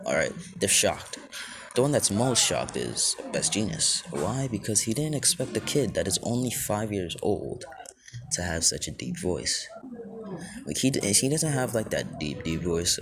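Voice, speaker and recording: Low-voiced young man rambling through a fan story. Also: very animated, moderate pace, a crowd in the background. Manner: rambling, full of fillers and self-corrections. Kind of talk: casual improvised fan-fiction narration.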